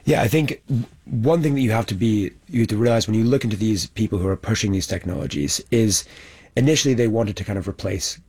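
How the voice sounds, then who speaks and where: A male documentary journalist explaining his findings in a panel discussion, measured and steady, with some fillers. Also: fairly low pitch, breathy edge.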